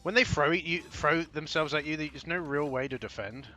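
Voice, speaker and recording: A man's voice: a little high, normal speed, bright, forceful tone, soft background music. A young man hosting his own gaming channel, chatting casually over a first playthrough, rambling and trailing off as he plays. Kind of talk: casual game commentary.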